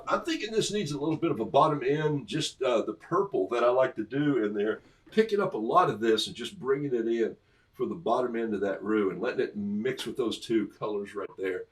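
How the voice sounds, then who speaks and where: A middle-aged livestream painter with a mid-range, slightly bright voice talks his viewers through each brushstroke. He's chatty, chuckles at his own jokes, and has a cough today.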